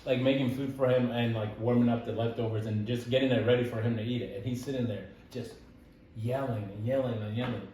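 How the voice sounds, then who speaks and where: A young man telling stories in casual conversation, animated and laughing as he goes, with many fillers like "like" and "dude.". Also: medium pitch, fast talker, slight background noise. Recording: echoey room, voice from some distance.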